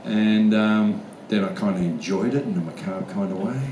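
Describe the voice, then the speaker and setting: Brief: Australian man, blunt and sweary storyteller; low voice, distant mic, faint room noise. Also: normal speed, a little mellow. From Australian outback. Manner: blunt, swears freely, laughs often. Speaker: guest actor at fan convention Q&A. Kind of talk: casual storytelling Q&A answers. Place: large convention hall. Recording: echoey hall, from far off, faint room noise.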